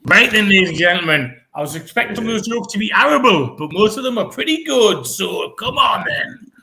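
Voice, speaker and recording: A British man hosting a comedy pun contest with a high, bouncing voice. His tone is bright and gravelly, and he stretches his words out in a playful way. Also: lively intonation. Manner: playful, laughing, drawn-out words. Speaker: comedy show host.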